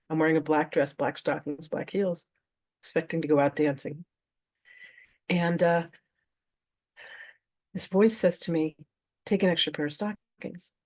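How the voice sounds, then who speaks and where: Low-voiced woman telling a spiritual story. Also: darkish tone. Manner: chatty, casual, acts out her own past reactions. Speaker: spiritual teacher and trance channel. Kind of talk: personal storytelling to a live audience.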